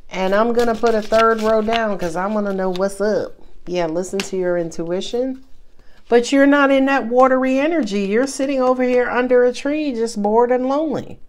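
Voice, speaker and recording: A woman's voice: fairly high pitch, darkish tone, a little hiss or hum. A woman reading tarot cards to camera in a casual, emphatic way, full of slang and calling the listener baby. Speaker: tarot reader.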